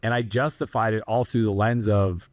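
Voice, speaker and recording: A man from Canada speaks in a lowish voice, earnest and rambling, doubling back on his words and adding asides. The sound is dry and close, with no room around him. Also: fairly even intonation, fairly quick, dry recording. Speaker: guest entrepreneur. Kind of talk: candid interview storytelling.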